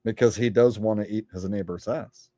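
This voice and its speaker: A man's voice: fairly low pitch, fairly even intonation, normal speed, dark tone, no room sound. A man hosting a casual commentary vlog, rambling in a sarcastic, profane way. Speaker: channel host.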